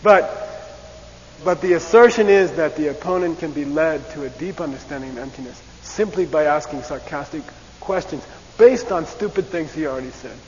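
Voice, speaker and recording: Male lecturer, fairly high voice, repeats "okay?", long reverb, muffled lo-fi tape with faint hiss. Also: normal speed. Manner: animated, repeats "okay?" and acts out debate voices. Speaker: teacher. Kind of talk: classroom lecture.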